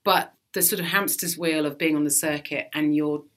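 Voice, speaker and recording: A woman comedian chats as a podcast guest, lively and sweary, laughing her way through stories. Her voice sits low for a woman but sounds bright and forceful. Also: normal speed. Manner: animated, swears freely, laughs often. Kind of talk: casual podcast interview.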